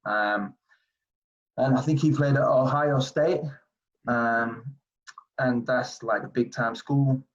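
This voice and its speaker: A man in his forties from England, telling basketball stories in a casual interview, animated and rambling with many fillers. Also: medium pitch, takes it slowly, long pauses. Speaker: streetball player guest. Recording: dull lo-fi audio.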